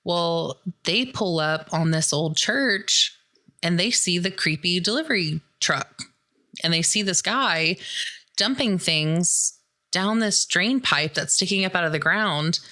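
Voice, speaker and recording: A casual, talkative woman with a Midwestern American accent, recapping a film on her podcast. Her voice sits a little low yet sounds bright and forward, and she climbs higher and louder when she gets worked up. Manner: chatty, lots of "like" and "dude", gets loud and excited. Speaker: podcast host. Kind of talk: casual movie recap commentary.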